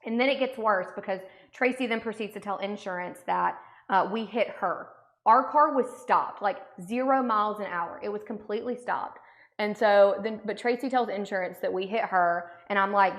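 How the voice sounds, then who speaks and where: A woman's voice: mid-range voice, brisk, fairly bright tone. A young woman vlogger telling a story as an indignant, sarcastic rant. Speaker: makeup vlogger. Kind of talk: storytime rant while doing makeup. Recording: roomy echo.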